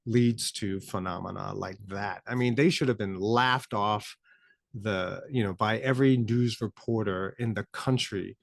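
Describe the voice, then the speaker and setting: Unhurried and a bit low, with some vocal fry, this podcast host and ex-teacher chats through his commentary show conversationally. He keeps posing rhetorical questions, often tagging on "right?"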